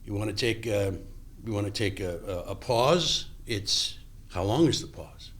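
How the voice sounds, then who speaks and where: A measured, somewhat low voice belongs to an older actor sitting in as a podcast interview guest. Lively as he tells stories from his past, he acts out remembered exchanges and keeps restarting his sentences.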